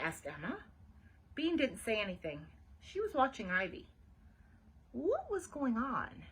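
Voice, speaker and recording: A woman's voice: on the high side, huge pitch swings, measured pace, long pauses, slightly rough, poor audio. A woman librarian reading a children's chapter book aloud, adding chatty asides for young listeners.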